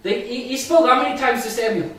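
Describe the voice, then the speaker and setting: Pastor giving a halting testimony, far from the mic in a very echoey room. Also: male voice, extremely high pitch, a bit bright. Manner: halting, repeats words, chuckles often. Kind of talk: testimony to a small group.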